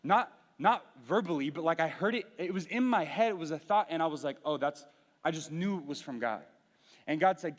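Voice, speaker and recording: A man's voice: fairly high pitch, animated, a little fast. A young man preaching to a youth group, telling a personal story candidly and earnestly, with frequent restarts. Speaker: youth pastor. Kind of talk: sermon. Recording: reverberant hall.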